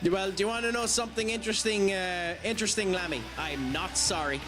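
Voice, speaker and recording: A chatty man streaming a game, his voice sitting fairly high for a man. He laughs often and pokes fun at himself. Game music plays clearly beneath him. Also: brisk. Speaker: game streamer reading chat. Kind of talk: casual live-stream chat.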